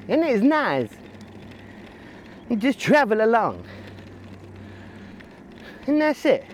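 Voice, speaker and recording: This cycling vlogger's voice is extremely high, with wildly swooping pitch, slow delivery and long pauses. Riding outdoors on country roads and in the city, he rambles jokily about his route, self-mocking and talking to himself over faint traffic and outdoor noise.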